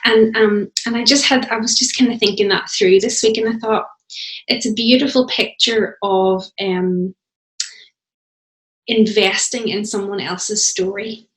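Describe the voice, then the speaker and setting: Woman hosting an interview; mid-pitched, gentle and thoughtful, in a roomy space. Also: steady tone, a little slow. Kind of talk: casual interview. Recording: roomy echo.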